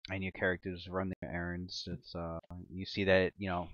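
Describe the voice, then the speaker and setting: A man's voice: sits low, level tone, normal speed, no echo. A man running a tabletop game as game master, telling the story loosely with many fillers. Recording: dull muffled stream audio.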